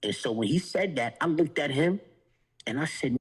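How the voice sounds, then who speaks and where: A man's voice: on the high side, sing-song, moderate pace, breathy edge, low-quality recording. A man on a podcast, talking in heated, emphatic street slang. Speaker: podcast guest. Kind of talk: heated casual talk.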